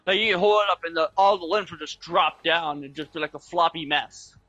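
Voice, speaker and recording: A man's voice: on the high side, fairly quick, pushed and bright, dry recording, muffled recording, faint music behind. A young man chatting casually over voice chat while gaming, explaining things at length with lots of fillers. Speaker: gaming channel host.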